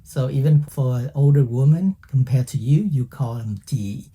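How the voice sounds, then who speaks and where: A man's voice: medium pitch, normal speed, warm tone, breathy edge. A man teaching a casual language lesson, chatty and playful, often checking in with "okay?". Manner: playful, laughs at own jokes.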